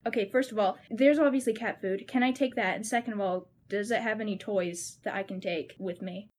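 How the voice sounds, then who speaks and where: A young woman playing in a casual tabletop game, excitable and rambling, often trailing off and laughing. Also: mid-range voice, fairly quick, a little hiss or hum. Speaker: player. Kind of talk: casual tabletop role-play.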